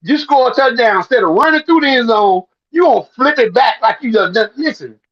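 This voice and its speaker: A man co-hosting a podcast in casual sports talk, animated and teasing, repeating lines for emphasis. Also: very high voice, brisk, muffled recording. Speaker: podcast co-host.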